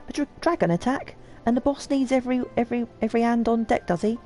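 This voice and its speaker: A woman voicing a gruff, rough-spoken male foreman in a put-on Cockney accent, blunt and full of coarse slang. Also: fairly high pitch, fast talker, warm tone, faint music behind, voice pushed up, natural voice.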